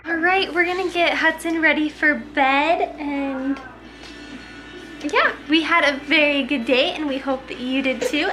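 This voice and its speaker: A woman's voice: high-pitched, a little slow, over loud music. A young woman filming a casual family vlog, chatting to viewers and using sing-song baby talk with her toddler. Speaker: family vlogger.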